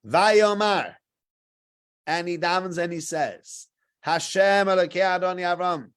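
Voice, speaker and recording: A man teaches a weekly Torah portion class. He tells the story in a lively, animated way and drops in Hebrew and Yiddish terms. His voice sits a little high for a man. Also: measured pace, clear, resonant tone.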